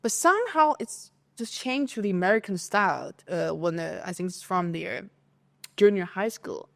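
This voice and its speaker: A woman from China with a Chinese accent, a podcast co-host telling a school story in casual chat, animated and lively as she acts out her classmates' voices. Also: lowish voice, normal speed, gravelly.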